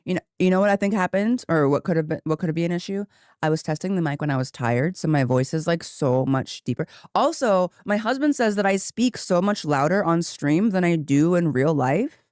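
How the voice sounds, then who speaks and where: A woman game streamer chatting casually and rambling on a desk microphone, laughing often, her voice jumping higher when she gets excited. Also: a little fast, no room sound, clean studio sound. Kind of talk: casual live-stream chat. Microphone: desk microphone with headphones.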